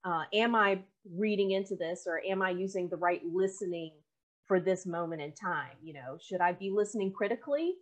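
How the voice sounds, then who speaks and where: Animated woman explaining communication. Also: lowish voice, normal speed. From United States. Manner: animated, explanatory, laughs easily. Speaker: communication coach and teacher. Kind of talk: casual podcast conversation.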